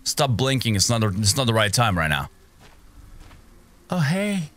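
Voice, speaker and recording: A young male gaming streamer commentates a horror game playthrough, talking to himself and yelping and gasping whenever something jumps out. His mid-range voice swings widely in pitch, runs a little slow, and has a slightly bright edge.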